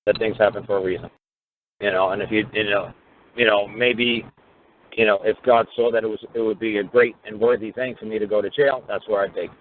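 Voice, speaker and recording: A man's voice: on the low side, a little fast, slight background noise. A man telling courtroom stories in a casual radio monologue, swearing freely and acting out both sides of each exchange. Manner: profane, animated storytelling, acting out court exchanges. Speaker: radio talk show host. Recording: tinny phone-line radio audio.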